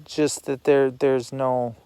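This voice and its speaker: Slow, musing man with a smooth voice. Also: medium pitch, level tone, warm tone, dry recording. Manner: rambling, repeats himself, swears. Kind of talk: personal monologue.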